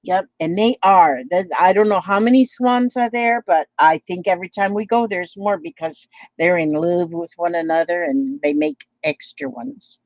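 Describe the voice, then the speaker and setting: A woman's voice: fairly low pitch, normal speed, few pauses, dry recording. A woman from Minnesota with a Midwestern American accent, chatting in a rambling, playful way while she crafts and reads out viewer comments. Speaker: craft vlogger. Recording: dull lo-fi home recording.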